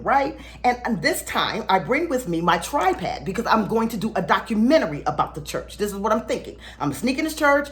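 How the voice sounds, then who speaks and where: A woman, a spiritual teacher telling a story to her viewers in a casual, animated way, laughing often and acting out the people she meets. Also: medium pitch.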